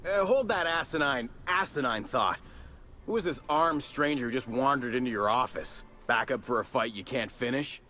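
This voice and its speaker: A man's voice: mid-range voice, moderate pace, bright, forceful tone, a little hiss or hum, natural voice. A man voicing a smug corporate security agent. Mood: condescending. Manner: haughty, condescending. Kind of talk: video game voice acting.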